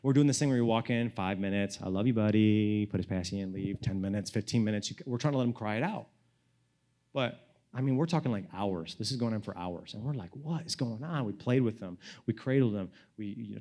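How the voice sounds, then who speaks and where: Preaching with a brisk, medium-pitched voice, a young pastor shares a story from his own life. He's relaxed and lively, moving between loud and quiet moments and filling his speech with "like" and "you know."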